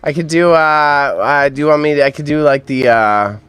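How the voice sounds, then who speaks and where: A man's voice: fairly high pitch, moderate pace, fairly bright tone, clean tone, faint music behind. A young man hosting a casual livestream, joking and self-deprecating as he laughs along and banters with his chat. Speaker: livestream host. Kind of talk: casual live-stream chat.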